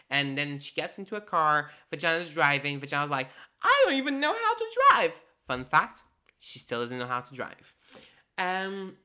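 A woman talking casually and playfully about an artist's work, with sassy, animated asides. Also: extremely low pitch.

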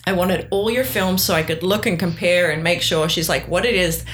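A woman's voice: lowish voice, fairly quick, a little hiss or hum. A middle-aged woman in casual conversation, telling a personal story and animatedly acting out the lines of other people. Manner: animated, acts out quoted dialogue. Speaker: guest sharing her story.

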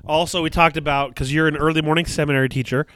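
A man's voice: a little high, fairly even intonation, quick pace, a bit bright, slight background noise. A man co-hosting a casual podcast, teasing his partner and telling stories from his youth. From Alaska. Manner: teasing, bantering. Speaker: podcast co-host.

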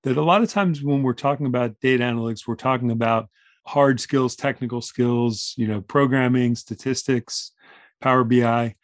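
A man's voice: mid-range voice, steady tone, normal speed, no room sound, clean studio sound. A man hosting a panel discussion, talking through ideas with worked examples. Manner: thoughtful, builds points through examples. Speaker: podcast host leading an expert panel.

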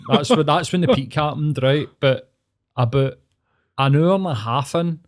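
A man's voice: a little high, moderate pace. A man with a Glasgow accent spins a long personal story in casual talk. He rambles, swears freely and leans on fillers, as a therapist chatting off duty. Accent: Scottish, Glasgow.

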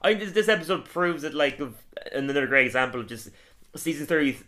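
A man's voice: fairly high pitch, expressive, fast talker, pushed and bright. A young man co-hosting a casual podcast, enthusiastically recapping an episode, rambling and laughing often. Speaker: podcast co-host. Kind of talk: casual chat reviewing a cartoon episode.

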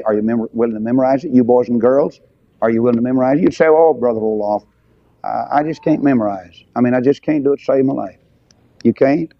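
Folksy older preacher, lo-fi. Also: male voice, medium pitch, dry recording. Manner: folksy, emphatic, rising to shouts on key phrases. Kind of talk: revival sermon. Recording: dull lo-fi sound.

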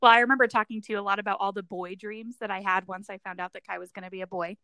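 In a dry recording, a young podcast co-host talks very fast in a steady, pushed, bright mid-range voice. She chats casually, tells stories, and laughs a lot.

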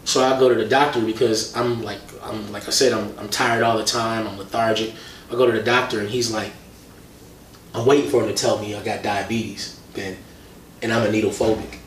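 A man, a hip-hop artist, talking as a guest in a casual interview, telling animated stories with plenty of slang. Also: lowish voice, a little fast. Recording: roomy, distant mic, faint noise.

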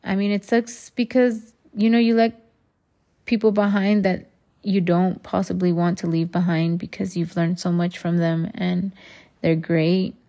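A woman's voice: lowish voice, little pitch movement, a little slow, dark tone. A woman hosting her own podcast, talking candidly and rambling, swearing freely and calling her listeners y'all. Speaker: podcast host. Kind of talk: casual solo podcast monologue.

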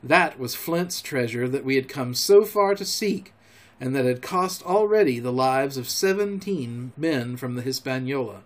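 A man, a podcast storyteller, reading a classic adventure novel aloud in a measured, expressive way. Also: medium pitch.

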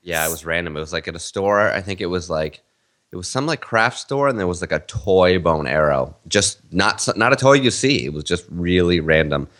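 A man in his thirties with a very low voice, co-hosting a podcast. He tells stories in a loose, rambling way, full of fillers and self-corrections. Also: expressive, fairly quick, a bit bright. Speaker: podcast co-host. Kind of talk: casual storytelling chat.

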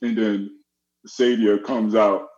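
A middle-aged man telling a story in casual chat, animated and acting out the voices of the people in it. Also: on the low side, slow. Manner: animated, acts out quoted voices. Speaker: guest. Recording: dull lo-fi audio.

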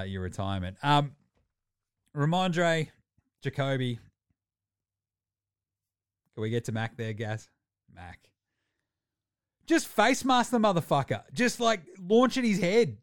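A man's voice: mid-range voice, moderate pace, pauses often, smooth, no room sound, clean studio sound. A man in his thirties with an Australian accent, ranting and swearing in a casual sports chat. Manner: profane, ranting, animated. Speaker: podcast co-host.

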